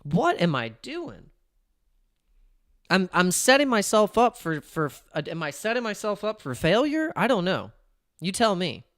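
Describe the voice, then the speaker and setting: A man's voice: sits high, big pitch swings, normal speed, a bit bright. Rambling, laughing crypto streamer man. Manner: rambling, self-interrupting, laughs often. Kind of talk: casual live-stream chat.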